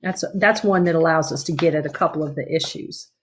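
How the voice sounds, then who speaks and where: A woman with a slightly low voice teaches calculus in a recorded lecture. She talks conversationally, often checking in with "okay?", and restarts or corrects herself as she works through the problems. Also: brisk, a little hiss or hum. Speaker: math teacher.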